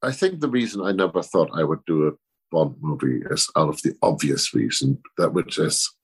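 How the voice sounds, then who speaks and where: Man, low husky voice, interview guest; self-effacing, stop-start delivery full of repeats. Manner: halting, many restarts and repeated words. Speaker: guest film composer. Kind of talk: conversational interview.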